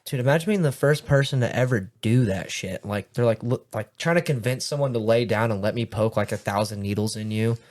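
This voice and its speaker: A man's voice: fairly low pitch, a little fast, few pauses, darkish tone. Young man rambling and swearing. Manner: rambling storyteller, heavy swearing, lots of "like". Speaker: podcast host. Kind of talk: casual chat.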